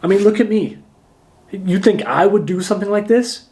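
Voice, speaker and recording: An angry man under interrogation, acted by a man demonstrating a scene, mutters in low, indignant frustration. He protests his innocence as if wronged, his voice sitting a little high for a man. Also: moderate pace, a little mellow.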